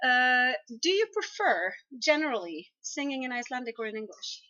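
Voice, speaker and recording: High, bubbly woman interviewer. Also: very animated, normal speed, sharp tone, lo-fi sound. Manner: bubbly, giggly. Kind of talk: casual livestream interview.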